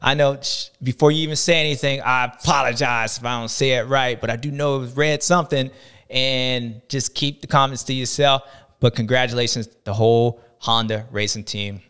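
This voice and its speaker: A man hosts a racing show in animated casual commentary, slangy and playful, acting out other people's reactions with big jumps in pitch. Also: moderate pace, clean tone. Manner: slangy, drawling delivery. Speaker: host of a racing talk show.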